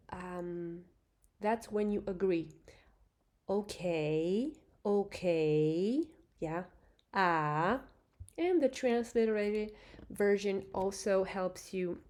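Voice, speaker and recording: A woman teaching beginners the Thai script, explaining slowly and patiently and demonstrating sounds, with many fillers. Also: mid-range voice, warm tone. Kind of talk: online language lesson.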